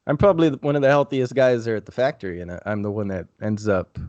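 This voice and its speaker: A man's voice: medium pitch, lively intonation, fast, darkish tone, dry recording. Casting: young male podcast host, rambling and profane, dry dull mic. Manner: profane, rambling, laid-back. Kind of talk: casual storytelling chat.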